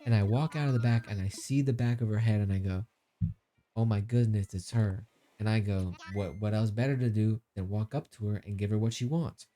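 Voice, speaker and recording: A young man streaming live, casually telling a story to his chat in an animated, incredulous way, breaking into laughter. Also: lowish voice, quick pace, hardly any pauses, a little hiss or hum.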